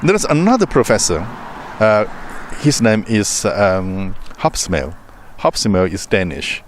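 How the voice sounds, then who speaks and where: Low-voiced man with a Chinese accent. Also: animated, a little slow, slight background noise. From China. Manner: storytelling with simple, broken grammar. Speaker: host. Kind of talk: casual conversation.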